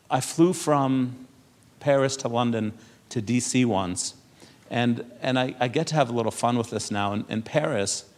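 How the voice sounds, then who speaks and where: A man from Europe speaking to an audience in a conversational way, telling anecdotes with frequent laughs and repeated words. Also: medium pitch. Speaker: speaker at a public panel.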